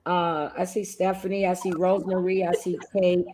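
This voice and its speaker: A woman's voice: on the low side, level tone, normal speed, crowd noise. A middle-aged woman moderating a livestream chat, telling stories and laughing at her own jokes.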